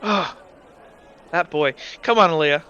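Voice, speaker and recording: A nagging, exasperated mother in a tabletop game, as a man puts her on. The voice sits high and sounds bright and clean, with a slightly dull, lo-fi edge. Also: unhurried, a little hiss or hum. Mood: stern. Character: stern scolding middle-aged mother.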